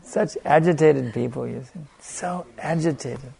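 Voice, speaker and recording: A man giving a sermon as a spiritual teacher, stressing points by repetition and letting a soft "you see" trail off after them. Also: fairly high pitch, measured pace, creaky, husky. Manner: emphatic, repeating phrases for stress.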